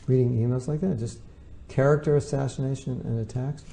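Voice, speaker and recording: A spiritual teacher delivers an informal lecture in a mid-range voice that is very mellow and dark with a gravelly edge. He speaks conversationally and fairly quickly with fairly even intonation, taking on the voices of those he quotes.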